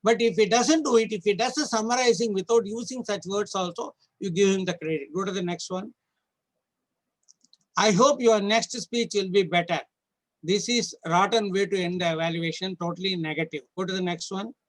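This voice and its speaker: High-pitched man teaching from slides. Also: fairly quick, few pauses, rough recording. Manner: instructive, walks through slides point by point. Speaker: judges trainer. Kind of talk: online training lecture.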